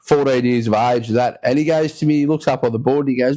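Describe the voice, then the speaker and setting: A man's voice: mid-range voice, fast talker, hardly any pauses, dark tone. Australian man spinning a rambling yarn. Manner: rambling yarn-spinner, acts out quoted voices. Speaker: podcast host. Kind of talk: casual storytelling chat.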